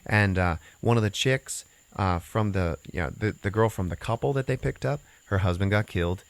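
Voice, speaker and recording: Deep-voiced man rambling through a story. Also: moderate pace, dry recording. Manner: rambling storyteller acting out quotes. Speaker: podcast host. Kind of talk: casual chat.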